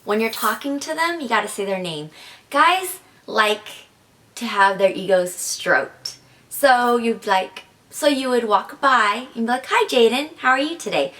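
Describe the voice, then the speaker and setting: A woman's voice: on the high side, lively intonation, a little slow, bright, forceful tone. A young woman giving chatty, casual advice in a vlog, filling her talk with "like" and "kinda". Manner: chatty, filler-heavy with frequent "like" and "kinda". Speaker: advice vlogger.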